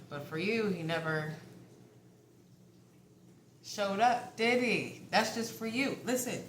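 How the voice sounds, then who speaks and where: A woman doing a casual tarot reading for her viewers, chatty and quick to giggle, who keeps checking in with them. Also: medium pitch, lively intonation, a bit bright, reverberant, a little hiss or hum, rough recording. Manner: prone to giggling. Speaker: tarot card reader.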